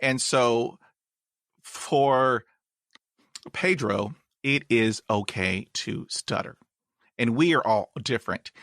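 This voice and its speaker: A man with a stutter hosts a podcast. He talks slowly, repeats words and restarts his sentences, and he bursts into high, gleeful whoops. The sound is dry and close, with no room echo. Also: a bit bright. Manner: exuberant, with sudden high whoops. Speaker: podcast host. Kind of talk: casual interview chat. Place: in Texas.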